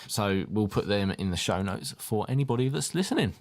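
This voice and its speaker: A man's voice: lowish voice, lively intonation, brisk. A man co-hosting a podcast, upbeat and speaking straight to listeners. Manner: upbeat, talks directly to listeners. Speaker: podcast co-host. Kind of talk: casual chat.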